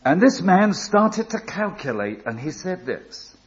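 Older preacher guy, talks real slow, builds up to emphatic bits, muffled old recording. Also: sits high, big pitch swings. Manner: slow, deliberate storytelling with rising emphatic appeals. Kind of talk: sermon.

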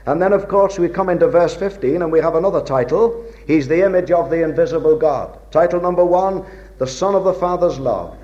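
A man's voice: on the high side, warm tone. Man preaching on a dull recording. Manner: measured, old-fashioned, stressing key words slowly. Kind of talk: sermon.

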